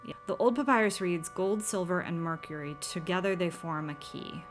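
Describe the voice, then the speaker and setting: A woman's voice: on the low side, normal speed, soft background music. A woman playing through an old horror computer game, reading its text aloud with dramatic flair and dropping wry asides. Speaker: game streamer.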